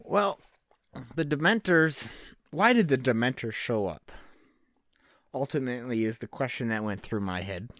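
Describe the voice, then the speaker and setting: Male co-host, deadpan, mid-pitched, dry close mic. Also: moderate pace, long pauses, dry recording. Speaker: podcast co-host. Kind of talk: casual chat.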